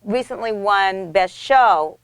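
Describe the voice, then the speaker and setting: A middle-aged American actress telling stories in an interview, animated and effusive with frequent restarts. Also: female voice, mid-range voice, takes it slowly, clean tone, no room sound. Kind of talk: casual storytelling in an interview.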